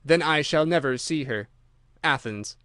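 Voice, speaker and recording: A man's voice: on the high side, measured pace, bright, forceful tone, no echo, clean studio sound. Starving male captive, curt and defiant, read by a male audiobook narrator. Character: starving defiant Greek prisoner, indignant man.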